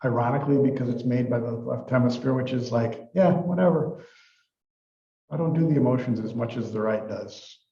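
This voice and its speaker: A man's voice: medium pitch, steady tone, fast talker, few pauses, warm tone, reverberant, highs cut off. A man giving a university psychology lecture in a casual, rambling way, full of fillers and restarts. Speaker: psychology professor.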